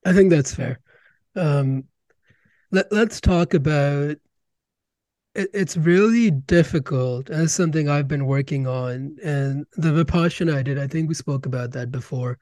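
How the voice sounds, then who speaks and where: A man hosting a podcast interview, asking questions in an excitable way and often repeating words as he starts a sentence. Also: on the high side, measured pace, dry recording. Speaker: podcast host.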